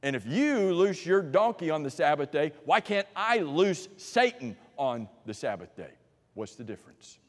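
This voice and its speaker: A man preaching a sermon in an animated way, swinging from emphatic peaks to quiet asides, in a church sanctuary. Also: fairly high pitch, normal speed, hardly any pauses, in a large hall.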